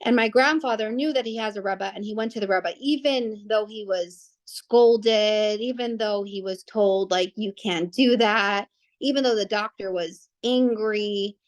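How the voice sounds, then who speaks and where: A young woman tells a family story in a casual, unscripted way. Her voice sits at a medium pitch. She rambles, often breaking off and restarting her sentences. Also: measured pace, hardly any pauses. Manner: rambling, with many restarts and fillers.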